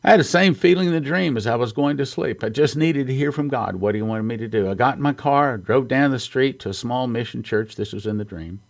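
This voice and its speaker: A man's voice: medium pitch, a little fast, creaky, few pauses. A man from the United States telling an earnest, storytelling testimony in a sermon, sometimes choking up with emotion. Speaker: ministry founder and speaker.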